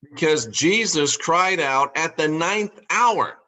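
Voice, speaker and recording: A man delivers a podcast monologue in a slightly high, sharp, forceful voice. He builds his case with rhetorical questions, repeats key phrases, and slows right down to lean on the words he wants to stress. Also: lively intonation. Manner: rhetorical questions, emphatic repetition. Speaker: podcast host. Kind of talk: monologue on scripture.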